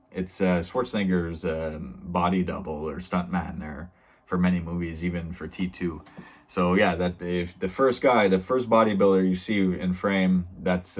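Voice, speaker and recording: A man hosting a review channel, casually recapping an episode with lots of fillers and loosely quoted dialogue. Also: deep voice. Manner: rambling, lots of fillers, quotes characters loosely in his own voice.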